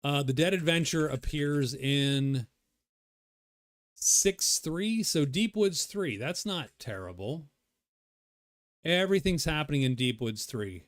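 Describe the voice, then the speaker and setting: A man's voice: fairly high pitch, animated, takes it slowly, long pauses, dry recording, studio quality. A man thinking aloud as he plays a solo board game, rambling and muttering to himself. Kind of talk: casual solo playthrough commentary.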